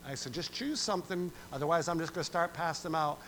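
A man delivers a sermon with a somewhat raised pitch, moving between talk, acted-out quotes and a sung verse. A faint hum runs underneath the recording. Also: quick pace, poor audio. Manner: animated preaching, acts out quoted voices, sings verse. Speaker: pastor.

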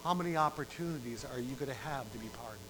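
A middle-aged man preaching a sermon, telling a story with dramatic rises in volume and sudden drops to a hush. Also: fast talker, noisy background. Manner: dramatic, swells loud for emphasis and drops low. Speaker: pastor.

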